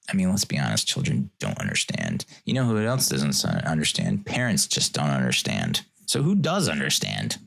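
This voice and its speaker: A man's voice: sits low, gravelly, fairly bright tone, breathy edge. A man hosting a casual solo podcast, rambling and joking, often chuckling as he talks. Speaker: podcast host.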